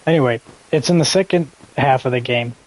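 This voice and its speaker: A man's voice: medium pitch, fairly quick, poor audio. A young man streaming a game live, chatting in a rambling, laid-back way with casual swearing. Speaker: gaming streamer. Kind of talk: casual live gameplay commentary.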